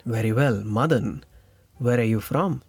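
A man voicing a lonely, proud middle-aged gentleman who questions insistently. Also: mid-range voice, unhurried, slightly rough, no room sound, soft background music.

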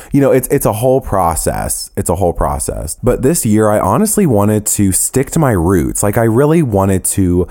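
Sassy low-voiced man hosting a podcast. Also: fairly quick, few pauses. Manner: animated, sassy and profane, with playful laughs. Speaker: podcast host. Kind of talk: casual solo podcast monologue.

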